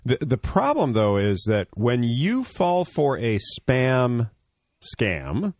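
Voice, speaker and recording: A man's voice: mid-range voice, wildly swooping pitch, slow pace, darkish tone, no room sound, clean studio sound. A man co-hosting a radio tech show, explaining things at length in a blunt, joking way. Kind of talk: casual radio tech talk.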